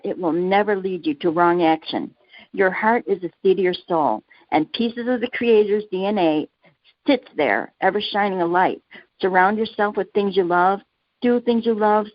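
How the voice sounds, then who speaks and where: An earnest woman, a guest author, answers interview questions in a mid-pitched voice and slips into little personal stories. The sound is dry and somewhat muffled, with a lo-fi edge. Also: no room sound. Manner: earnest, laughs easily, tells personal anecdotes.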